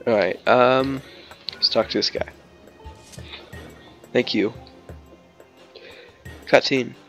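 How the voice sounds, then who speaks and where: A man of middle pitch talks over his gameplay in a loose, chatty ramble, tripping over his sentences and filling gaps with "like" and "uh". He cracks jokes and slips into bits of song, while faint music plays behind him. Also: extremely slow. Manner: rambling and chatty, full of "like" and restarts; jokey, breaks into snatches of song and silly voices. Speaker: let's play host. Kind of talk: casual gameplay commentary.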